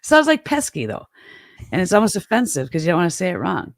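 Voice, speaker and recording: A woman's voice: fairly low pitch, big pitch swings, fast talker, creaky, no echo, clean studio sound. Rambling Midwestern woman chatting. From American Midwest. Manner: rambling, self-deprecating, with frequent restarts and laughs. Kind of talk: casual chat.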